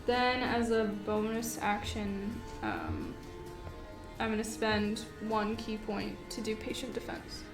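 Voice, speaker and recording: A woman's voice: fairly high pitch, lively intonation, slow pace, reverberant, recorded from a distance, music in the background. A woman playing a tabletop game, chatty and giggly, describing her character's moves. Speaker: player. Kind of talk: casual tabletop play.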